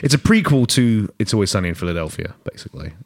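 A man co-hosting a film podcast in casual chat, full of deadpan jokes. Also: lowish voice, quick pace, no room sound, studio quality. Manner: deadpan joking. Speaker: podcast co-host.

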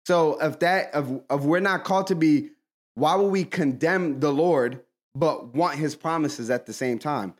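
A man with a slightly raised voice preaches forcefully on a faith podcast. He hammers each point through repetition. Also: on the high side, a little slow. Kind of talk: preaching-style faith talk.

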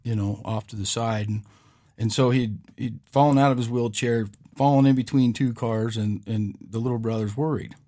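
A man's voice: medium pitch, fairly even intonation, moderate pace, warm tone. A man hosting a podcast, telling a story in a rambling, casual way and often checking in with "right?". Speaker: podcast host.

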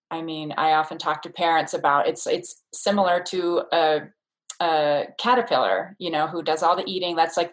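A woman with a notably low voice speaks as a childbirth educator in a relaxed interview. She explains her ideas thoughtfully and circles back with fillers and restarts as she goes. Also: rough recording. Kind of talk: casual interview conversation.

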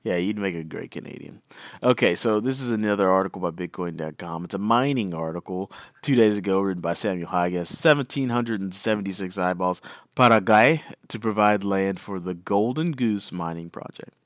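A man's voice: sits low, a little fast, a bit bright, no echo, clean studio sound. A man co-hosting a podcast, reading news headlines and explaining them in casual chat, often adding "right?". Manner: reads headlines, then explains loosely with "right?" asides. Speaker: podcast co-host.

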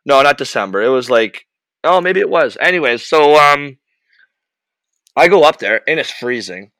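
A young man telling an animated, profane story about his hockey days in casual chat. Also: medium pitch, moderate pace, dry recording. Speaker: podcast host, former hockey goalie.

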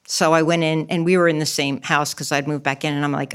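A woman's voice: deep voice, fairly even intonation, fast, few pauses, clear, resonant tone. A middle-aged woman giving a candid personal testimony in an interview, emotional and acting out her own past words. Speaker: guest telling her testimony. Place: church.

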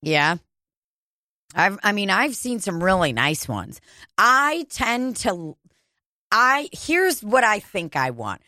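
A woman's voice: mid-range voice, very animated, slow, sharp tone, no echo, clean studio sound. A woman in casual chat, rambling and joking crudely, laughing often.

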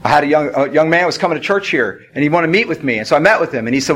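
A male pastor with a fairly high voice preaches a sermon at a church service. He talks in an emphatic storytelling style, often climbing to forceful declarations. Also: lively intonation, rapid-fire, few pauses, slightly rough.

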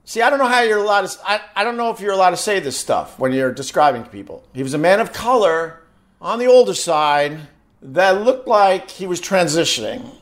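A man on a live stream, telling a story with lots of excitement and stumbling restarts. His voice sits a bit high for a man and swings up and down a lot as he gets worked up. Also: brisk. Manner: excitable, acts out shouted quotes, frequent restarts. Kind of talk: animated casual storytelling.

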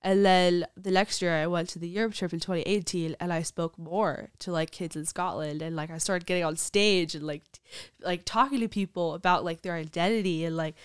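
A woman's voice: on the low side, fairly quick, clean tone, no room sound, studio quality. Chatty young woman, laughing often. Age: young adult. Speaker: podcast guest. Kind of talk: casual storytelling interview.

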